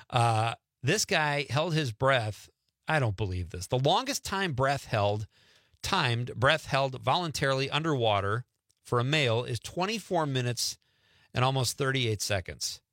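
A man's voice: mid-range voice, lively intonation, unhurried, a bit bright, no room sound, studio quality. A man hosting a radio show in casual, joking chat, often laughing. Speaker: radio host.

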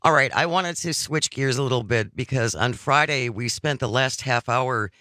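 A man hosts a talk radio show, chatting casually but earnestly and working through his argument step by step. His voice has a bright, forceful edge. The studio sound is dry and close. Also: mid-range voice, normal speed, dry recording. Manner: conversational, earnest, argues point by point.

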